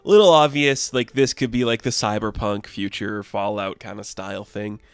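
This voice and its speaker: Chatty low-voiced man reviewing comics. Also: fairly even intonation, moderate pace, smooth, dry recording, soft background music. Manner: chatty and upbeat, laughs often, small restarts.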